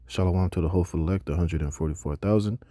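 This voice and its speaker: A man's voice: low voice, fast, dark tone, no echo. A man teaching a Bible lesson, reading scripture and then preaching emphatically with casual slang asides.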